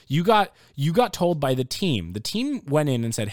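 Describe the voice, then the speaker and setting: A young man ranting in a casual sports talk, exasperated and getting louder and higher when he is worked up. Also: huge pitch swings, moderate pace, few pauses, no room sound, clean studio sound. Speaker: sports commentator.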